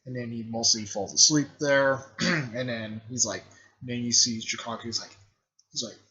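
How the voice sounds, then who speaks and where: A man casually recapping a story in a rambling way, with lots of fillers and frequent throat clearing. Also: mid-range voice, fairly even intonation, moderate pace, sharp tone. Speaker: video creator recapping a fan series. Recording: dull lo-fi recording.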